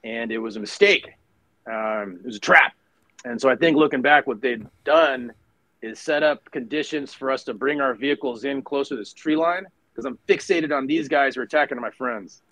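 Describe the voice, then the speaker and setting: A man's voice: mid-range voice, moderate pace, a bit bright, dry recording, poor audio. A middle-aged man, a retired Marine officer, telling a battle story in casual conversation, full of fillers and restarts.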